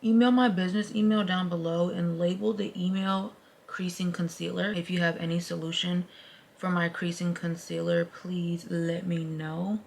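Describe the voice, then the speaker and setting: A young woman chatting casually to her viewers while doing her makeup, expressive and talkative. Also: fairly low pitch, moderate pace, vocal fry, slight background noise. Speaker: beauty vlogger. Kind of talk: casual makeup vlog chat.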